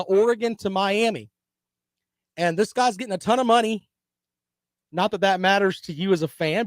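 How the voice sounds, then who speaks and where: A man's voice: high-pitched, no room sound. A man hosting a casual live-stream sports talk show, giving opinions and reading viewer comments.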